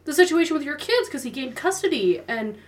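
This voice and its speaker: A woman hosts a podcast, telling stories in a fast, chatty, bubbly style as casual chat. Her voice sits high and has a sing-song quality.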